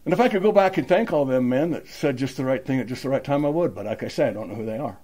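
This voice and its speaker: A man's voice: mid-range voice, expressive, quick pace, dark tone. An older man sharing his personal recovery story at a meeting, plainspoken and emotional. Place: meeting room.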